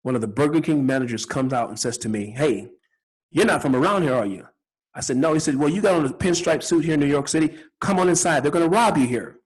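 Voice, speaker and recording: A man's voice: a little high, fast talker, few pauses, darkish tone, slightly rough, rough recording. Earnest man telling a personal story. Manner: earnest, spiritual, repeats words often. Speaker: podcast host.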